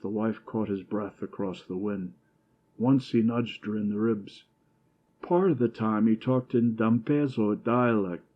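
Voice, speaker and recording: A man narrating an audiobook in a measured, even storytelling manner. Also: mid-range voice, highs cut off. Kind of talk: scripted narration.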